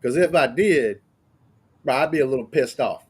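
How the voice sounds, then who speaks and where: A man with a Southern US accent, co-hosting a casual movie review podcast and arguing his points quickly and with energy. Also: mid-range voice, breathy edge. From Southern United States. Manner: fast, animated, argumentative. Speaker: podcast co-host.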